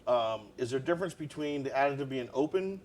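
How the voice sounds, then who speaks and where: A man's voice: mid-range voice, expressive, fast, darkish tone, a little hiss or hum. Chatty man hosting a live stream. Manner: chatty, quizzing his co-host. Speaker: show host. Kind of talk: casual live-stream chat.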